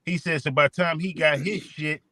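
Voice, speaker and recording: Guy telling a slangy story on a radio show, slightly high voice, dry close sound. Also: steady tone, a little fast, bright, forceful tone, no echo. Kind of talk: casual chat.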